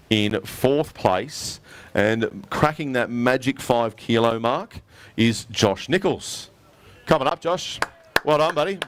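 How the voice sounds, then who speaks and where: An Australian man with a clear, resonant, medium-pitched voice emcees a live prize presentation at an outdoor weigh-in. He's upbeat and matey as he calls each winner up.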